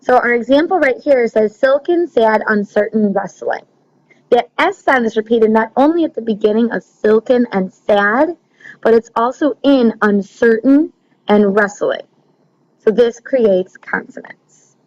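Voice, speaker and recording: A woman's voice: a little high, unhurried, darkish tone. Woman teacher explaining with frequent ums. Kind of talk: recorded classroom lesson. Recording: slightly dull lo-fi recording.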